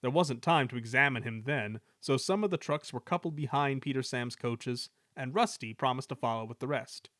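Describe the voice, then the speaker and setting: A man reading a children's railway story aloud in a measured, expressive way. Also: medium pitch, no echo, clean studio sound. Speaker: reader.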